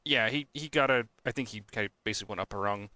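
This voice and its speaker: A man's voice: fairly low pitch, fast talker, pushed and bright, dry recording. A young man co-hosting a podcast, chatting casually and ranting with frequent swearing and exasperated outbursts. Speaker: podcast co-host. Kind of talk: casual chat.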